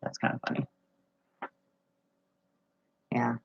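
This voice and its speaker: A woman's voice: slow, lo-fi sound. A woman chatting casually on a live stream from home, reading viewer comments and telling rambling stories with frequent laughs.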